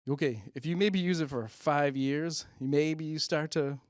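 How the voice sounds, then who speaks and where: A man's voice: a little high, normal speed, no room sound, clean studio sound. A middle-aged man hosting a stand-up comedy monologue, rambling with self-deprecating, muttered asides. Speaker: comedian host.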